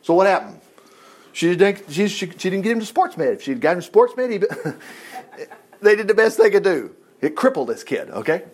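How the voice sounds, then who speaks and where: A man's voice: high-pitched, very animated, moderate pace, breathy edge. A man teaching a Bible lesson in a casual, folksy way, full of asides and rhetorical questions.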